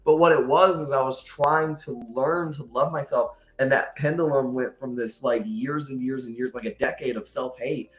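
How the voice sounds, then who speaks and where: A man's voice: medium pitch, steady tone, normal speed, hardly any pauses. Candid young man in an echoey room. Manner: candid, rambling and open. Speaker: guest poet. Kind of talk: casual podcast conversation.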